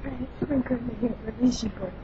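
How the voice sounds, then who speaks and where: A woman's voice: a little high, racing. A young woman chatting casually with a friend on a vlog, giggly and playful. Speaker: vlog co-host. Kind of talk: casual chat. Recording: lo-fi home recording with loud noise.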